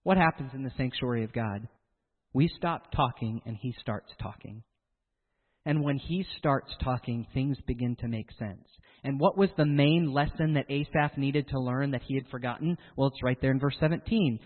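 A man preaching a sermon in an animated way, acting out the voices of the people he quotes. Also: mid-range voice, normal speed, big-room sound, narrow, tinny audio.

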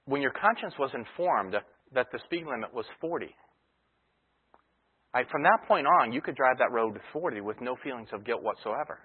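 A man's voice: mid-range voice, expressive, moderate pace, breathy edge. A male pastor preaching a sermon in a conversational teaching style, using everyday illustrations, heard over a tinny broadcast line. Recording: tinny phone-like radio broadcast.

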